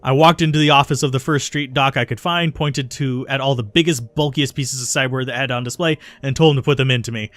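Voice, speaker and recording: A man reading aloud the lines of a remorseful young woman who was once a cultist, in a steady confessional tone with small slips. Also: medium pitch, quick pace, few pauses, no room sound, natural voice. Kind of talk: reading game dialogue aloud.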